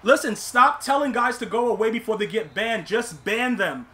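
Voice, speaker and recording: Man, young adult, gaming streamer, high pitched, exasperated live commentary. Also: expressive, normal speed. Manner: exasperated, talks to himself and chat; shouts in disbelief at plays.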